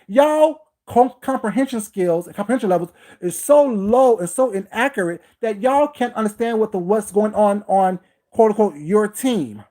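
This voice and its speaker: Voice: mid-range voice, darkish tone. A livestream host delivering a heated, confrontational rant, repeating points and breaking off to greet viewers by name.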